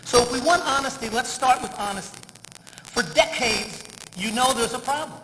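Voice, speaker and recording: A man's voice: extremely high pitch, normal speed. A middle-aged man with a Southern New England accent speaking as a city council member at a public meeting, emotional and blunt, repeating himself for emphasis. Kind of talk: impassioned speech at a public meeting. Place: large echoey meeting chamber. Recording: echoey council chamber with long reverb, faint noise.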